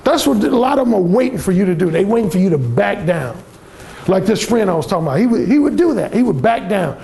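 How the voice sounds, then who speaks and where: Gravelly, animated man speaking bluntly. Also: high-pitched, fast talker. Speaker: seminar speaker, dating coach. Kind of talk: storytelling talk to a live audience.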